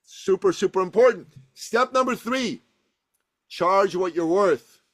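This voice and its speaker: A man's voice: high-pitched, a little slow, a bit bright. A man, a business coach on a podcast, telling stories and giving advice in an emphatic way, repeating words for stress. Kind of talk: energetic storytelling advice.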